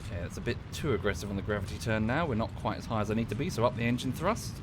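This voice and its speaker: A man's voice: lowish voice, animated, racing, background noise. A man giving casual, dry, self-deprecating commentary while livestreaming a game, often muttering to himself. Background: game music.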